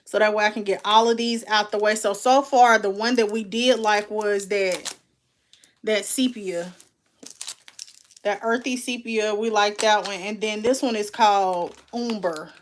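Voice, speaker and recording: A woman's voice: mid-range voice, steady tone, a little slow, slight background noise. A woman, chatting casually and candidly as she unboxes and reviews makeup, calling her viewers "baby" and "y'all". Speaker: beauty vlogger.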